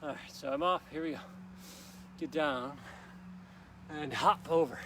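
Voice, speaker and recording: Out in a park on the grass, a male fitness instructor coaches a live workout in a fairly high, slightly bright voice, unhurried despite being out of breath and sweating. Upbeat, he urges viewers on with countdowns, with a little hiss or hum audible.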